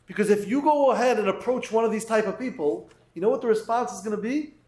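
A very high-voiced man delivers a sermon-style Torah talk. He reads Hebrew phrases slowly, then rushes through the English translation. The echoey room gives his voice a roomy ring. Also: darkish tone. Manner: acts out doubters' voices in quotes. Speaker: rabbi giving a Torah talk.

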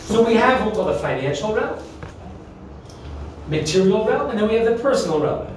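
A man with a fairly high voice leads a Talmud class, firing questions at the room and hammering on key terms. He sounds far from the mic, in a very echoey room with faint noise behind. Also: big pitch swings, brisk. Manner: questioning, emphatic, mixes Hebrew terms. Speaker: teacher.

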